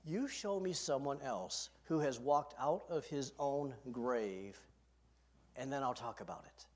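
A man's voice: mid-range voice, animated, measured pace, darkish tone. Earnest male pastor preaching. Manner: earnest and emphatic, asks the congregation questions directly. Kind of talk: sermon. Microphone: podium microphone.

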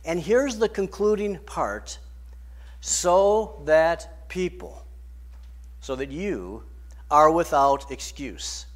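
A man preaching a sermon, emphatic, rising and falling in loudness and pace. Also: fairly high pitch, lively intonation, slow pace. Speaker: pastor.

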